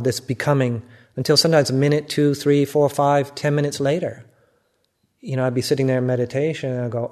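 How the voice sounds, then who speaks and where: An older man with an American accent, a Buddhist monk giving a reflective, gently self-mocking dharma talk. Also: medium pitch. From United States.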